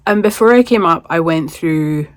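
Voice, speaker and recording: A woman's voice: on the low side, expressive, moderate pace. A woman chatting casually in a knitting vlog while filming with a handheld camera in her home craft room. She rambles and now and then talks to her cat. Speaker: knitting vlogger.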